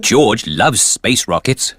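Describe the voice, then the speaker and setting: A man's voice: medium pitch, very animated, takes it slowly, a bit bright, dry recording, studio quality. A man narrating a children's cartoon in a plain storybook manner. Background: music.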